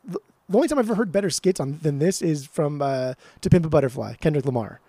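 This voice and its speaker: A man co-hosting a podcast in casual chat, excitable and profane, often repeating words as he gushes. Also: fairly high pitch, fast talker, dry recording. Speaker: podcast co-host.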